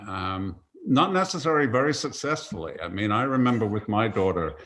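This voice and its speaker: Older man, low voice, thoughtful and halting. Panel guest on a video call. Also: lively intonation, fairly bright tone. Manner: thoughtful, hesitant, many ums. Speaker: author panelist. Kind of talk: casual panel chat.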